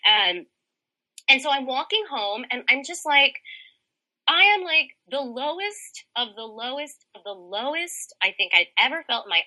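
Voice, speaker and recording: A woman in her thirties, a podcast guest telling a personal story in an animated, chatty way and saying "like" often. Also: mid-range voice, poor audio. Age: 30s. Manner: animated, chatty, heavy use of "like".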